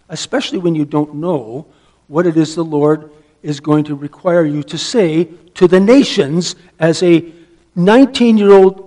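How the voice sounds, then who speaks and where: A man preaching a sermon, emphatic, asking rhetorical questions and dropping to a hush for stress. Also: high voice. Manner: asks the listeners rhetorical questions.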